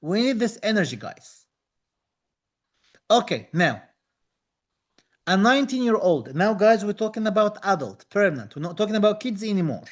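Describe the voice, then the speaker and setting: A high-pitched man with as a teaches a live online dental exam class. He talks with eager enthusiasm, repeating key phrases to encourage his students. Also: big pitch swings, moderate pace, long pauses. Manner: enthusiastic, reads out viewer comments, repeats phrases.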